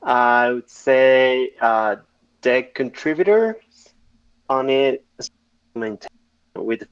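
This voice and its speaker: A man, a podcast guest, answering in hesitant, halting phrases. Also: mid-range voice, smooth. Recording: dull lo-fi audio.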